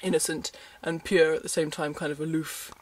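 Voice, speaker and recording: A man's voice: on the high side, flat delivery, a little fast. A man chatting casually to camera from his bed, rambling and self-deprecating, often breaking into giggles. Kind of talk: casual vlog chat. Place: bedroom, in bed at night.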